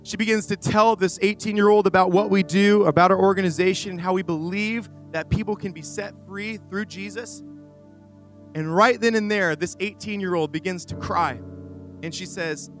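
Male youth pastor, high voice, energetic stage sermon, soft music underneath. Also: normal speed. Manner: energetic, animated preaching with rambling asides. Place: church stage before a congregation.

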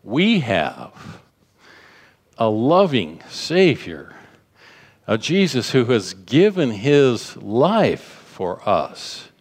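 A man's voice: medium pitch, very animated, extremely slow. A man preaching a sermon, telling a story and acting out the people in it, repeating phrases for emphasis. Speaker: pastor. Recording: long hall reverb.

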